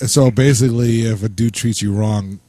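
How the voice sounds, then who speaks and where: A man's voice: fairly low pitch, fairly even intonation, moderate pace, dark tone, dry recording. Rambling, joking man radio host. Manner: rambling, laughs at his own jokes. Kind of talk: playful radio banter.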